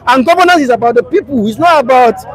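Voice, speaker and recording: Man, very high voice, emphatic political commentator, crowd murmur behind. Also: fast, poor audio. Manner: emphatic, rhetorical questions, many hesitations. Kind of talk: live political talk show discussion.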